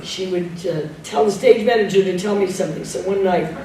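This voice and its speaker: An older actress telling lively backstage stories as an interview guest, laughing often and mimicking others. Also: female voice, medium pitch, fairly quick, crowd noise. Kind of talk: anecdotal storytelling Q&A. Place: club room with live audience. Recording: echoey room, distant mic, background noise.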